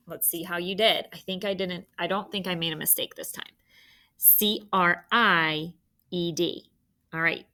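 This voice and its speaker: A woman's voice: fairly low pitch, pushed and bright. A young woman teaching a spelling lesson by video, patient and encouraging, spelling words out letter by letter.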